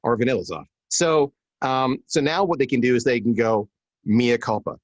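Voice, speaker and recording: A middle-aged man, a marketing executive appearing as a guest on a live podcast, speaks at medium pitch and normal speed; the recording has no echo but sounds muffled. He's an animated storyteller, sharing anecdotes conversationally and performing the quotes in different voices.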